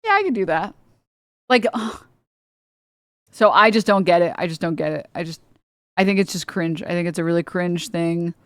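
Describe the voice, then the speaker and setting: A woman's voice: fairly low pitch, expressive, moderate pace, pauses often, no room sound, clean studio sound. A woman streamer giving reaction commentary, ranting with incredulous, profane remarks.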